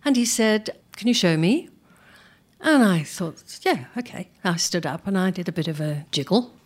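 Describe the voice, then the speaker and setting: An older woman telling career anecdotes to a live audience, animated, acting out what people said and laughing often. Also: medium pitch, normal speed. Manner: animated, acts out quoted speech, laughs often. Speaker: performer telling career stories.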